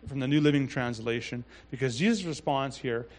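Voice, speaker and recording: A pastor preaching a sermon in a relaxed, conversational way, reading scripture and adding asides. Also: male voice, medium pitch, brisk. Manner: conversational, with frequent restarts and asides.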